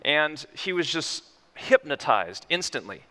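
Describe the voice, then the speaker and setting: Bright-voiced man telling clinical stories. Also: on the high side, a little slow. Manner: animated, vivid storytelling. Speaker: physician speaker. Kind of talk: conference keynote storytelling.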